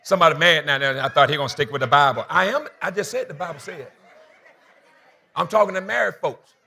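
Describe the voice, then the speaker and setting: A man's voice: on the high side, brisk, vocal fry, bright, forceful tone, breathy edge, a faint crowd. A man preaching a sermon as pastor, telling a comic story and acting out the dialogue with energy.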